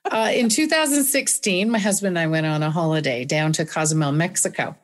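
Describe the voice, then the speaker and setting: A woman guest in an interview, telling a personal story with animated, dramatic storytelling. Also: fairly low pitch, brisk. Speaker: guest speaker.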